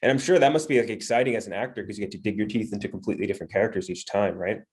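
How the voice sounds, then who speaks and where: A male podcast host fires off chatty interview questions. His voice sits fairly low, and he talks at a quick pace. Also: darkish tone, slightly rough.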